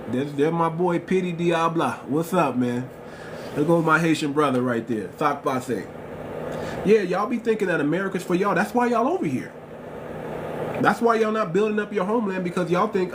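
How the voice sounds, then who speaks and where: A man's voice: a little high, background noise. A man hosting a live stream, talking in an emphatic, repetitive, lecturing way.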